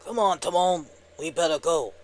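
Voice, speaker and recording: A man's voice: on the high side, moderate pace, natural voice. A man voicing a good-natured male warthog in a comic skit, talking in an easygoing, agreeable way. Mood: friendly.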